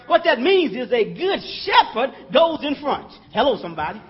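A man's voice: extremely high pitch, big pitch swings, normal speed, slightly rough, highs cut off. A man preaching a sermon in a conversational style, calling out to the congregation and chuckling as he talks.

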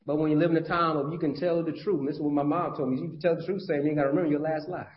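Guy preaching in church, chatty folksy sermon, kinda high voice, muffled lo-fi audio. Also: steady tone, rapid-fire. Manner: conversational, folksy preaching with frequent restarts. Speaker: pastor.

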